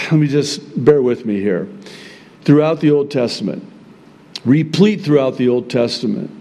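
A man preaching a sermon as pastor, opening in prayer and then speaking with slow, emphatic delivery. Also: fairly high pitch, in a large hall.

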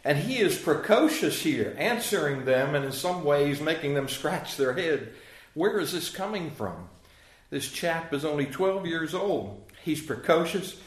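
A man's voice: on the high side, expressive, measured pace. A man giving a conversational, verse-by-verse Bible lesson, often asking his listeners questions. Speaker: Bible teacher. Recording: roomy echo.

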